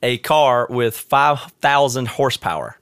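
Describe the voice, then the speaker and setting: A man's voice: medium pitch, animated, a little slow, fairly bright tone, clear, resonant tone, dry recording, clean studio sound. A man co-hosting a podcast who argues his point in casual chat, building it up with sports comparisons. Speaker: podcast co-host.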